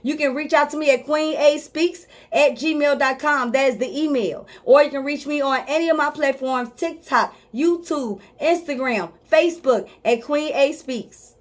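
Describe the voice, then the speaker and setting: Female life coach, high-pitched, emphatic motivational delivery, repetitive and informal. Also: moderate pace, hardly any pauses. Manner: emphatic and repetitive, drives points home; speaks directly to viewers, informal. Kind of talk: motivational talk to camera.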